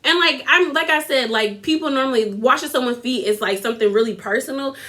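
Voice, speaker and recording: A woman's voice: high-pitched, a little fast, pushed and bright. A young woman recapping a reality TV episode in casual, gossipy chat, giving her opinions and talking straight to her viewers.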